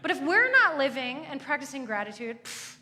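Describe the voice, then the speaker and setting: A woman's voice: sits high, big pitch swings, a little fast, pushed and bright. A woman in her thirties giving a chatty, earnest sermon with lots of asides. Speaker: church speaker. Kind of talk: conversational sermon. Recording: echoey hall.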